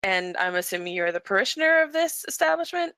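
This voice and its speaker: A woman playing a tabletop game, asking brisk, direct questions in character and out. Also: mid-range voice, big pitch swings, bright, forceful tone, no echo. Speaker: player. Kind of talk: tabletop role-play.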